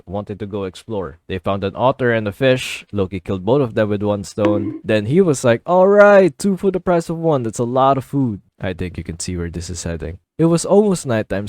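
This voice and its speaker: A man telling an old legend as an irreverent comedy, with profane jokes and deadpan asides. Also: lowish voice, no room sound, studio quality. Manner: profane, deadpan asides, silly put-on voices. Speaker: comedic storyteller.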